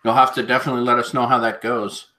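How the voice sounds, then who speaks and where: A man's voice: medium pitch, little pitch movement, rapid-fire, bright, forceful tone. A man hosting a live auction stream, chatting casually in an easygoing, rambling way. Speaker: auction show host.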